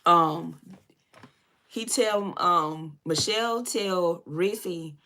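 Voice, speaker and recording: A woman's voice: lowish voice, extremely slow, sharp tone. A woman in her thirties telling a story casually to her viewers while doing her makeup, talking straight to them and cursing freely. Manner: chatty, addresses viewers as y'all, profane. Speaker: beauty vlogger.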